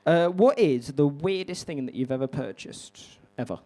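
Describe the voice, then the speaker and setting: A man's voice: on the high side, animated, normal speed, a little mellow. A man doing stand-up, chatty and rambling, swearing often. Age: 20s. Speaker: stand-up comedian. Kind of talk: stand-up comedy with crowd work. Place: comedy club stage before a live audience.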